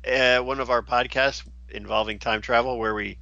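A man's voice: mid-range voice, fairly even intonation, moderate pace, vocal fry, sharp tone, no room sound. A middle-aged man co-hosting a podcast, chatting casually with dry joking asides. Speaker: podcast co-host. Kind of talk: casual chat. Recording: dull, lo-fi dry sound.

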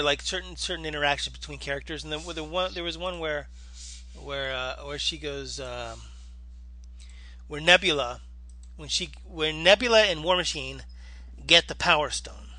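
A man's voice: a little high, sharp tone, no echo. A middle-aged man co-hosting a podcast, tired and yawning, rambling and trailing off in self-deprecating chat. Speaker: podcast co-host. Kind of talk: casual chat.

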